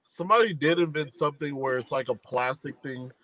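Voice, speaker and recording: A man's voice: a little high, fairly quick, pushed and bright, no room sound, rough recording. A man co-hosting a casual online talk show in laid-back slang over a choppy connection. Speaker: co-host. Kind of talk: casual chat on a live video call.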